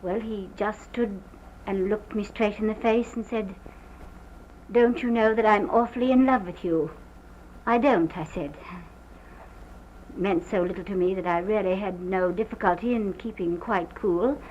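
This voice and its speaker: An actress playing a distraught woman who haltingly recounts a violent night, in early sound-film acting on a muffled old film recording. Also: mid-range voice, a little mellow, a little hiss or hum, close to an everyday voice. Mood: strained. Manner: halting, hesitant, breaks off.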